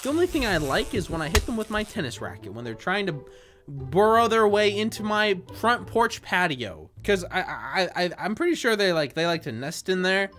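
A young man giving joking gameplay commentary from his desk at home, with deadpan gags and sudden loud outbursts. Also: sits high, moderate pace, soft background music. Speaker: gaming YouTuber.

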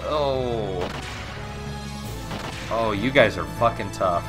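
He plays a video game while game music runs behind, chatting casually as a let's play commentator who rambles, jokes, swears and makes fun of himself. His voice is on the low side, and he draws his words out.

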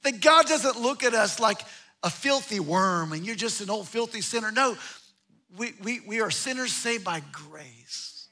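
Pastor, male, very high bright voice, emphatic sermon delivery. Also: lively intonation, a little slow. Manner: emphatic, with repeated phrases and restarts.

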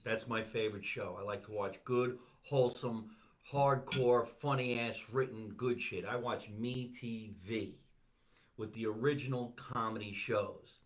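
A man's voice: fairly low pitch, steady tone, unhurried. A man hosting a comedy podcast, chatting casually in a joking, crude, playful way.

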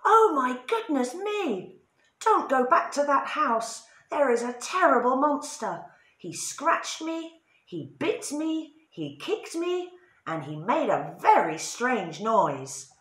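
A woman's voice: low-pitched, big pitch swings, takes it slowly, hardly any pauses, heavily acted. A woman doing a panicky frightened robber. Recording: roomy echo, slightly distant.

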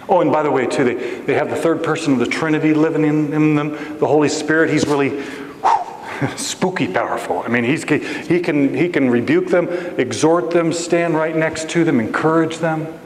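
A man's voice: on the high side, moderate pace, a little hiss or hum. Man preaching in an echoey church. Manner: animated, acts out other people's voices in his story. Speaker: guest preacher. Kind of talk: storytelling sermon. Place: church sanctuary. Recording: echoey church hall with faint ambience.

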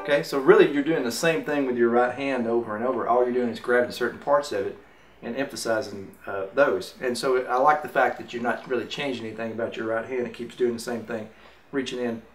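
Talking a little fast at medium pitch, a man demonstrates mandolin rhythm in an instructional session, speaking easily and counting the beats. It's recorded off-mic in a roomy space with mandolin playing.

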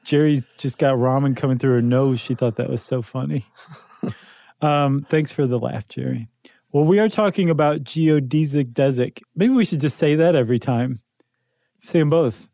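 A man's voice: mid-range voice, normal speed, vocal fry, mellow, no room sound. A man co-hosting a podcast in casual chat, playful and bantering, a little worn out, speaking into a close studio microphone. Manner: playful, bantering, tired-sounding. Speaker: podcast co-host.

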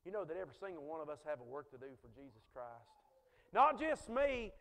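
A man preaching a sermon as pastor, swinging between loud exhortation and hushed quotes. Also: fairly high pitch, sing-song, fast talker. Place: church sanctuary. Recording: long reverb of a church sanctuary.

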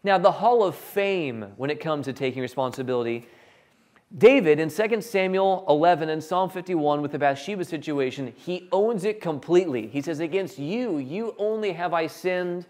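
A man preaching a sermon, animated and jokey, acting out characters in quick quotes. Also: a little high. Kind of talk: sermon with acted Bible quotes.

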